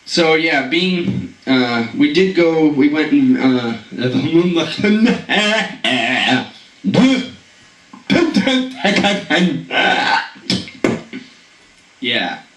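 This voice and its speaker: A man's voice: fairly high pitch, slow, reverberant, recorded from a distance, slight background noise, rough recording. A man doing a rambling comedic monologue, stammering and chuckling at his own jokes.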